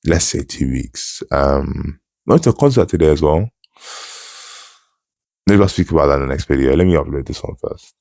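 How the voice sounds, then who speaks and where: Young guy, rock-bottom voice, heavy fry, dry close sound, flat monotone vlog delivery. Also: brisk, pauses often, dry recording. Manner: monotone, low-key. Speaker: channel host. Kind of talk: casual solo vlog chat.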